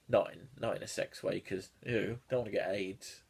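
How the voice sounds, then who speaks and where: A man's voice: fairly low pitch, fairly even intonation, normal speed, creaky, a little mellow, husky. A man reading a bad fan fiction aloud with sardonic, sweary, laughing commentary. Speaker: YouTuber reviewing fan fiction. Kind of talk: comedic read-through commentary.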